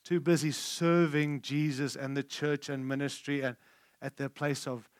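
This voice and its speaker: A man preaching a conference sermon, emphatic and candid, shifting between loud declarations and hushed lines. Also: on the high side, flat delivery, unhurried, dry recording, studio quality. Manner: candid and conversational.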